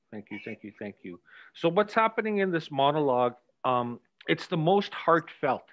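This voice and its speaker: A man's voice: mid-range voice, a bit bright, highs cut off. A man directing and coaching actors in a rehearsal, explaining scenes reflectively and sharing stories.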